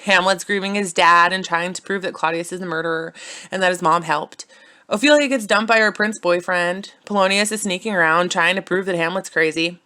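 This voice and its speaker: A woman's voice: lowish voice, fairly quick, bright, forceful tone. A young woman narrating a playful, silly retelling of a classic story, with casual slangy asides.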